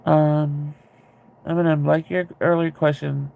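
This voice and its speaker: A man chatting casually with viewers, rambling and candid, with a ready laugh and a gravelly voice. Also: fairly high pitch, level tone, a little slow, darkish tone. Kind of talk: casual chat.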